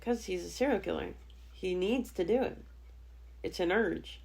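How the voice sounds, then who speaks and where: A woman's voice: medium pitch, normal speed, creaky, darkish tone. A woman podcast host recounting a true-crime case in a matter-of-fact way, with dry humor. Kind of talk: casual true-crime storytelling.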